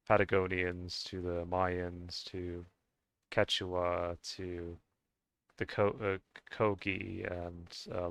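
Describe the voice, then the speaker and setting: A man vents to his viewers in a low, resonant voice, circling back over his points with restarts, fillers and casual swearing. The sound is dry and close, with no room echo. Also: fairly bright tone. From United States. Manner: rambling, many restarts and fillers, swears freely. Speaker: vlogger. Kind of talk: casual rant to camera.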